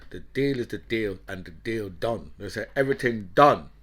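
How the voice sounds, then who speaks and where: A man's voice: on the low side, lively intonation, moderate pace, a bit bright. A man, hosting an opinionated commentary monologue in a heated, ranting way, often checking in with "right?" and "you know". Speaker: political commentator and host.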